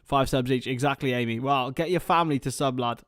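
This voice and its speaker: A man doing chatty live football commentary for a watchalong stream, excitable and talking to his viewers. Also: medium pitch, brisk, dry recording, studio quality.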